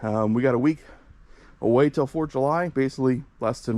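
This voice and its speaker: A man's voice: mid-range voice, quick pace, darkish tone, dry recording. A young man from the Midwest US hosting a casual fireworks vlog outdoors, a bit out of breath and chatty with many fillers. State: out of breath from the heat. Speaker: fireworks channel host. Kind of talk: casual vlog showing products. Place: outdoors by a storage shed.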